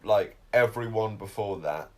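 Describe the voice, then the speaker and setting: A man's voice: lowish voice, a little slow. A man co-hosting a podcast in casual chat, asking rambling, playful questions. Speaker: podcast co-host. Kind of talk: casual film discussion.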